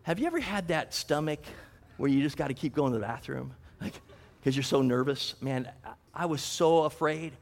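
Animated man telling a Bible story as its hero. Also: fairly high pitch, normal speed, creaky. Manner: animated, conversational, humorous asides. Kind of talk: dramatic first-person Bible storytelling. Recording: reverberant hall.

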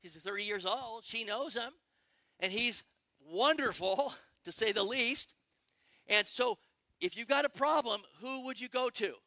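Give me an excitable male pastor, sharp and bright, with a dry, close sound. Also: very high voice, dry recording. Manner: excitable, quick bursts, asks the congregation questions. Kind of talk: sermon.

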